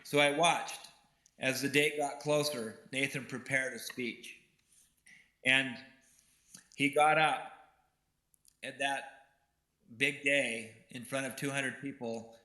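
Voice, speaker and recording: A man's voice: mid-range voice, fairly even intonation, slow pace, long pauses, sharp tone. A man giving a keynote speech and telling a personal story in an earnest way. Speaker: keynote speaker. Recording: roomy hall echo.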